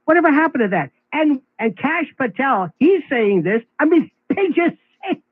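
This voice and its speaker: A man guesting on a talk radio show, chatting in an animated, sarcastic way with quick asides. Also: extremely high pitch, no echo. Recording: AM radio broadcast, phone-like.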